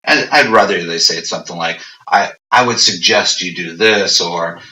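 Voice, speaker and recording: Middle-aged man, bright, low-pitched, animated and chatty, recorded off-mic in an echoey room. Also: moderate pace, recorded from a distance. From United States. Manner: animated, acts out quoted exchanges. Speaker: English teacher guest. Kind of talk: casual conversational advice.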